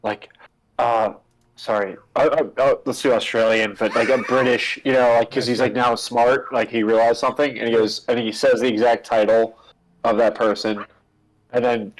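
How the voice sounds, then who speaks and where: A man's voice: medium pitch, flat delivery, normal speed, rough recording. A man playing a tabletop game, chatting casually and rambling with lots of filler words. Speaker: player.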